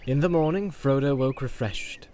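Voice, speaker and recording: A man narrating a fantasy story aloud in a steady, measured way. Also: medium pitch, slight background noise. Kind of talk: audiobook reading.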